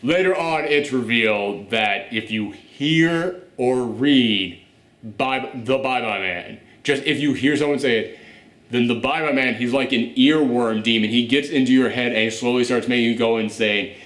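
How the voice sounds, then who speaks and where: A man co-hosting a casual horror film review, animated and profane, acting out quotes in mocking voices. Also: medium pitch, unhurried, roomy sound. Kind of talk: casual reaction chat.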